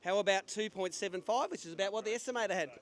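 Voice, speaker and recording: On an outdoor weigh-in stage at a sailing club, a man with a high voice talks very fast as he hosts a live fishing tournament weigh-in. He's chatty and upbeat, running quick interviews and trading jokey banter.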